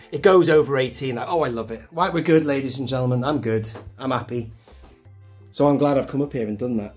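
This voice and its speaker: An excitable, enthusiastic British man chatting casually in a home vlog, filmed indoors on a handheld camera with a gimbal. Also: medium pitch. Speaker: toy collector vlogger. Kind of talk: casual show-and-tell vlog.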